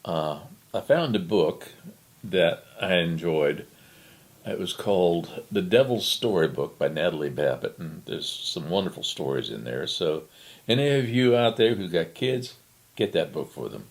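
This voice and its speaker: A man's voice: sits low, unhurried. Older man telling a folksy story. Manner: relaxed, chatty, lively.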